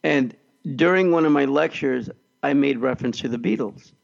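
A man's voice: mid-range voice, moderate pace, gravelly, muffled recording. A middle-aged man hosting a casual chat, talkative, often checking in with "right?". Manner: chatty, keeps asking "right?". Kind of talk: casual conversation.

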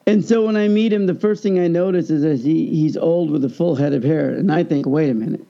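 A man with a high, gravelly voice tells a long personal story in a relaxed chat. His tone is mellow and dark. He acts out everyone he quotes, and the sound is dull and lo-fi. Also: a little fast. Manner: animated, acts out the people he quotes. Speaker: guest telling a story. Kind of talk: casual storytelling.

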